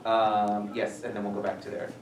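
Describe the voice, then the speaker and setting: A man visiting a school as an author, answering questions in a rambling, animated way full of fillers. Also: fairly low pitch, normal speed, background noise. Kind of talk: casual Q&A talk. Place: school room, audience present. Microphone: distant from the recorder. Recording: echoey room, voice heard from far off.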